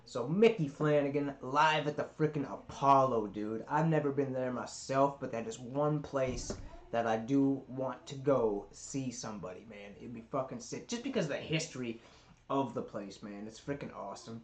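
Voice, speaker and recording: A man's voice: medium pitch, moderate pace, echoey room. A man hosting a reaction video, talking in a laid-back, hyped way and swearing freely. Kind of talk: casual reaction chat.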